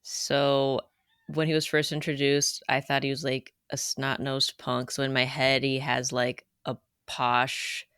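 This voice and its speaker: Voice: medium pitch, completely flat delivery, unhurried, fairly bright tone, smooth, dry recording, studio quality. A podcast co-host in casual chat, playful and joking at their own expense. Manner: playful, self-mocking asides.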